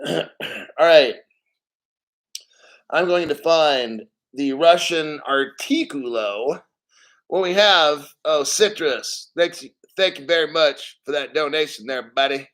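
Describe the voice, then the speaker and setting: A man's voice: fairly high pitch, animated, slow pace, long pauses, a bit bright. A man hosting a casual crypto livestream, rambling and swearing as he reads out viewer names and chat.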